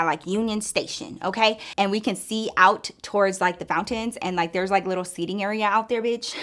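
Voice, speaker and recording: A young adult woman telling a story in a casual vlog, animated and swearing, acting out the voices of the people in it. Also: mid-range voice.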